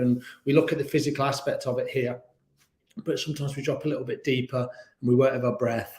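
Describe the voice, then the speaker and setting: A man leads a beginners yoga class in a mid-pitched voice. He is chatty and encouraging, with little laughs between cues. The studio around him gives a roomy echo. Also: darkish tone. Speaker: yoga instructor.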